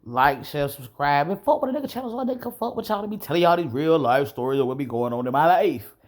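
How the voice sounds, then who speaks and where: A man vlogger telling a rambling, profane story in a casual monologue, often clearing his throat. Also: a little high, animated, fast.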